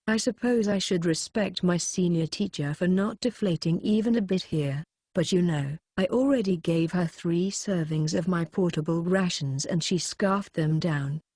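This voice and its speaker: Blunt, worn-out teacher, flat delivery, read by a woman. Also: lowish voice, normal speed, few pauses, no echo. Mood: exasperated. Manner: dry, offhand.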